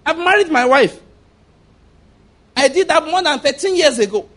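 Casting: male pastor, high voice, emphatic and repetitive sermon delivery. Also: animated, normal speed, a bit bright. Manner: emphatic, repetitive, rhetorical questions.

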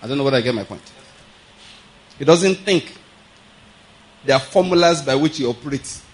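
A man preaching in a relaxed, conversational way, with a middle-pitched voice. He often stops to ask whether the listeners follow, and laughs lightly as he teaches. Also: moderate pace, low-quality recording. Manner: conversational teaching with frequent check-ins and chuckles. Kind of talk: sermon.

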